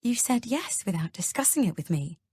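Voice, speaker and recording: A woman's voice: medium pitch, sing-song, normal speed, darkish tone, slightly rough, no echo, clean studio sound. A woman reading an audiobook, voicing an anxious, bewildered young mother who speaks tensely and incredulously. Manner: tense, raised, incredulous questioning.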